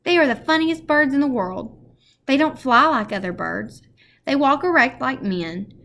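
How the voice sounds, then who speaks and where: A woman's voice: high voice, lively intonation, moderate pace, a bit bright, a little hiss or hum, pitched above the performer's own voice. Storybook read-aloud: an eager, dreamy middle-aged man, read by a woman. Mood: enthusiastic. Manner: eager, enthusiastic. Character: dreamy, excitable middle-aged house painter.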